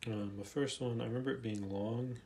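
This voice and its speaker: Speaking in a steady, slightly mellow mid-range voice at a fairly quick clip, this man rambles off the cuff from a desk chair in his home as he browses a website. A YouTube movie commentator, he reads plot summaries aloud and then weighs in, stumbling through fillers and restarts amid slight background noise.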